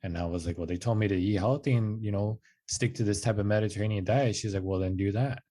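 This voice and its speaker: This fast-talking man, voice on the low side, is in his twenties and guesting on a podcast. He tells a personal story casually and with animation, raising his voice to act out quotes and frequently saying "like" and "dude."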